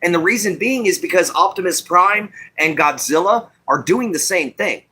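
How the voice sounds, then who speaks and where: A Texan man with a country twang hosts a loose, rambling live-stream chat. His voice sits a little high for a man and is bright and forceful. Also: lively intonation, moderate pace, breathy edge. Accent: Southeast Texas country twang.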